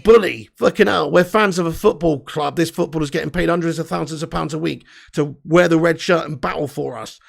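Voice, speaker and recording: Young guy, high gravelly voice, blunt sweary live-stream host, excitable banter. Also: a little fast, few pauses. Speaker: livestream host. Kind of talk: live fan chat reading comments.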